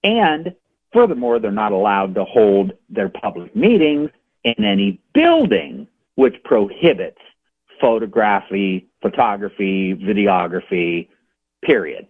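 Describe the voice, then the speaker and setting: A man, an independent journalist, calling in to a radio show and telling his story in an animated, indignant way. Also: lowish voice, measured pace, breathy edge. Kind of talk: phone-in radio interview. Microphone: telephone. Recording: tinny phone line.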